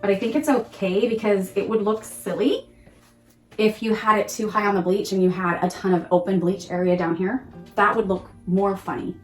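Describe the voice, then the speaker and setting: A woman hosting a casual crafting tutorial, gushing and excitable, often exclaiming over her work. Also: mid-range voice, moderate pace, reverberant, faint music behind. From Pacific Northwest of the US. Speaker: crafting channel host.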